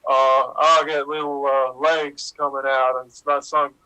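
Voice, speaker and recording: A man's voice: a little high, little pitch movement, bright, forceful tone, clean tone, poor audio. A man playing a hesitant patient who stumbles through his words in an improv scene. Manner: halting, full of ums. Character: hesitant, bumbling male patient.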